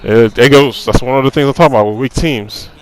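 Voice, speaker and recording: A man talking over his football game footage in casual commentary at a middle pitch. He rants with frustration, circles back to the same complaints and fills gaps with "you know." His talk is loose and conversational. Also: fast talker, clean tone, low-quality recording. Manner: repeats himself, fillers like "you know". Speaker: gaming commentator.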